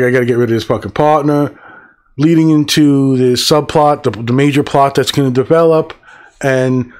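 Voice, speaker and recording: A man in his fifties giving a casual spoken film review, excited and profane, rambling with fillers. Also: mid-range voice. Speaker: movie reviewer.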